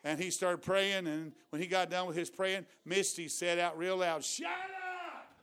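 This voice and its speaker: High-voiced, smooth preacher. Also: male voice, steady tone, moderate pace. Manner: swells from quiet storytelling to loud exhortation. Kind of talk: revival sermon with storytelling.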